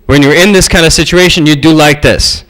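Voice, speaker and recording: A male preacher giving a storytelling sermon, animated and acting out the voices in his stories. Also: fairly high pitch, fairly quick, poor audio.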